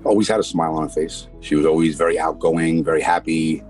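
A middle-aged man talks in a documentary interview about his daughter, plainspoken and repetitive. His voice sits very low, with faint music playing behind him. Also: fairly even intonation, quick pace, a little mellow. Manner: plainspoken, repeats himself, lots of "you know". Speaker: interviewee, victim's father.

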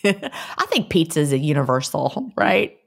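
Lively, chatty woman podcast host. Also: low-pitched, a little slow, gravelly. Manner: chatty, laughs often, reads listener letters aloud. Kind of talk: casual chat. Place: lives in a beach resort town.

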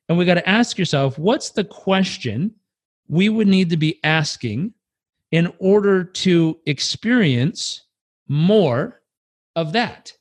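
A man giving a motivational talk, animated and acting out little scenes in other voices. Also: on the high side. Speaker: motivational speaker.

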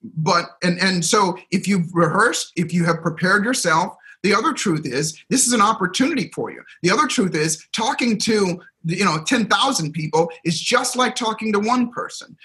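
Energetic middle-aged male guest, a bit high-pitched, sharp bright tone, vivid storyteller. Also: normal speed, hardly any pauses, rough recording. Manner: energetic, acts out quotes and crowd reactions. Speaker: guest speaker, seminar trainer. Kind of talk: animated storytelling in a conversation.

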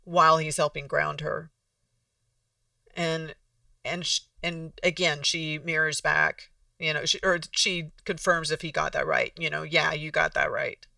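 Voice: mid-range voice, flat delivery, unhurried, gravelly, bright, forceful tone, dry recording, clean studio sound, distant mic. A podcast host explaining in a casual, conversational way, often restarting sentences and acting out example dialogues.

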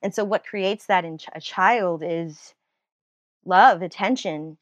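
A woman speaking as a guest in a casual interview, a nurse and writer who talks in an animated, rambling way with frequent laughter and restarts. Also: lowish voice, slow, no room sound.

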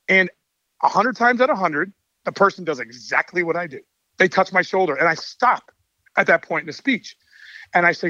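Upbeat, bright-voiced man on a call. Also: fairly high pitch, no room sound, muffled recording. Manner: energetic, enthusiastic storyteller. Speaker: baseball coach and author. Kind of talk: casual interview talk. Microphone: call mic.

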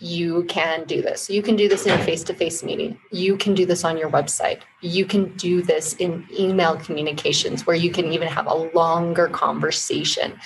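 A woman with a fairly low voice, speaking as an interview guest. She explains her points in a measured, teacherly way and builds them from concrete examples. A faint noise sits under her voice. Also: flat delivery. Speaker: marketing agency founder, guest. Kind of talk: casual interview chat.

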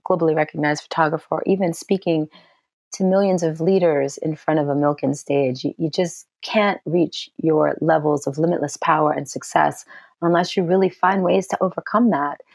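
A middle-aged actress telling a personal story in an interview, animated and acting out what people said in a high, excited voice. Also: female voice, normal speed, vocal fry, no room sound, studio quality. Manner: lively storyteller who acts out quotes in a high excited voice.

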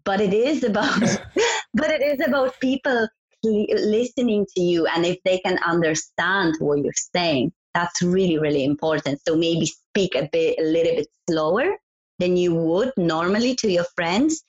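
A woman's voice: on the low side, lively intonation, moderate pace, husky. A woman guest in a casual interview, giving earnest advice and laughing easily. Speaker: guest, events business founder. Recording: dull lo-fi audio.

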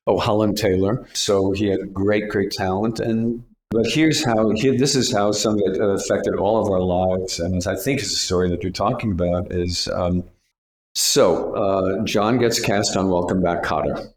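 Older male guest, deep low voice, spins lively showbiz anecdotes and slips into quoted voices; casual interview storytelling. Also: moderate pace. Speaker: retired casting director, guest.

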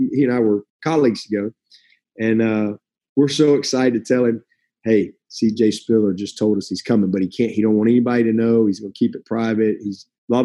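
A middle-aged man spins a long recruiting story in a relaxed, chatty way, leaping into the voices of the people he quotes. His voice is mellow and dark with a husky edge. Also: medium pitch. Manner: animated, acts out quoted voices. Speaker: college football coach. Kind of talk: casual storytelling.

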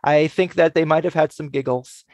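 A man's voice: a little high, fairly even intonation, normal speed, darkish tone, no room sound. A man co-hosting a podcast, chatting casually in a wry, joking manner. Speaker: podcast co-host.

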